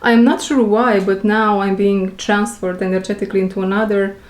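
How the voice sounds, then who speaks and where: A woman of middle pitch gives an unhurried spiritual reading, repeating her phrases as she feels for the right words. English is not her first language. She is recorded on a camera mic in an echoey room. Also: flat delivery. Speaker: intuitive reader.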